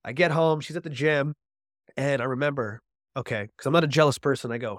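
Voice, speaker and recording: Brief: male podcast guest, animated storyteller who acts out his own dialogue, mid-pitched voice, close dry sound. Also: a little fast, no echo. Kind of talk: personal recovery story.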